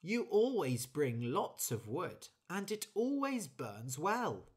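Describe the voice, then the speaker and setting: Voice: medium pitch, big pitch swings, takes it slowly, husky, pitched above the performer's own voice, full character voice. A storyteller voicing a kindly male sausage who praises and soothes his friend. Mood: placating.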